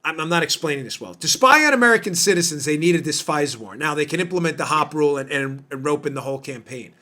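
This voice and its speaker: A man's voice: a little high, expressive, fast, pushed and bright. A man hosting a political podcast, talking in an emphatic, indignant way with lots of rhetorical questions. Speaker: podcast host. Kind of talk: political commentary monologue.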